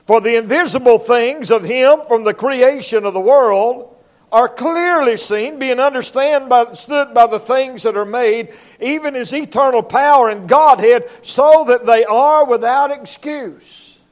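In church, a male evangelist with a drawl and a very high voice preaches a revival sermon emphatically. He slips into quick acted-out voices and sound effects, including a barking dog.

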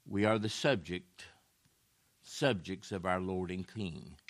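A man preaching a sermon in a folksy way, repeating phrases and swinging from low murmurs to loud raised lines. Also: slow pace.

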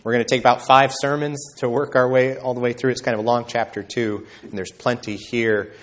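Earnest male preacher with steady middle pitch. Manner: earnest preaching with emphatic rises and slow stresses. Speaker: pastor. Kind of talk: sermon.

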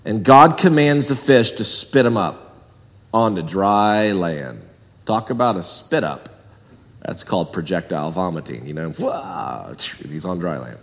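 A man preaching a sermon in a church, talking conversationally and swinging from loud and high to low and quiet. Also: big pitch swings, unhurried, long reverb tail. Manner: conversational with wide swings in pitch and volume. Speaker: pastor. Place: church sanctuary.

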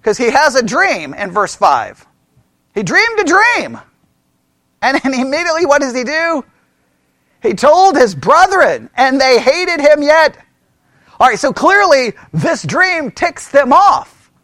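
A man teaches a Bible study in a bright, very high voice that leaps up and down as he talks. He keeps it animated, laughs often and throws questions to the group. The sound is close and dry, with no room echo. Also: slow pace.

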